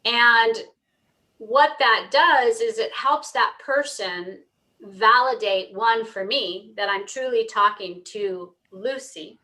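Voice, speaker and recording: Earnest middle-aged woman guest, bright clear tone, storytelling podcast talk. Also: on the high side, slow pace, rough recording. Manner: earnest, storytelling, acts out dialogue. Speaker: pet communicator guest. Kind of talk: conversational interview explanation.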